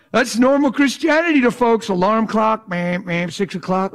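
A middle-aged man preaching a sermon in a passionate, animated way, sometimes acting out voices for effect. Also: sits high, a little slow.

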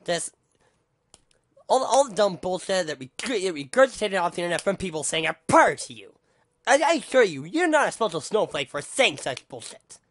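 This vlogger's high, a-bit-bright voice is very animated at normal speed as he rants furiously into the camera. He curses heavily and keeps stammering and restarting his sentences in the angry monologue.

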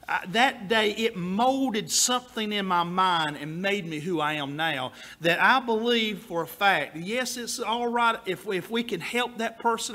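A man in his thirties preaches with a high, bright and cutting voice. He tells stories in a folksy, drawling way, like a small-town pastor. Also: a little slow, few pauses. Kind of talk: sermon.

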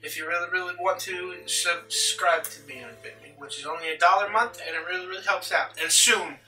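Swearing heavily, a young man jokes and rambles through his gameplay as a casual let's-play commentator. His voice is high and sharp, a little fast, and the roomy, distant mic also picks up game music.

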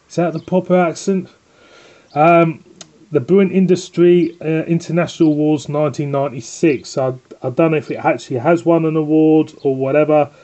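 A man's voice: on the high side, mellow, highs cut off. A man with a Northern English accent hosting a casual home beer review, chatty and rambling, often breaking off to scold his dog.

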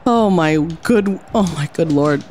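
A woman's voice: on the low side, lively intonation, a little slow, a little mellow, a little hiss or hum. A woman streaming a game, commenting casually and theatrically. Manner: playful, theatrical, lots of exclamations and laughs.

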